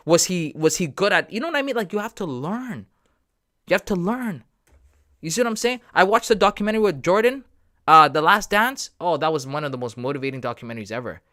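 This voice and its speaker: Animated man hosting a trading livestream. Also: on the high side. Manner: emphatic and repetitive, talks straight to viewers. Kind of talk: casual live-stream talk.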